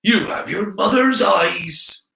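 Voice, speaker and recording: A frail old man with a cane, voiced by a male reader speaks slowly in a wavering voice. The recording carries a roomy echo. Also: high voice, gravelly, bright, forceful tone, pitched above the performer's own voice, full character voice. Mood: grateful. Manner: slow, wavering.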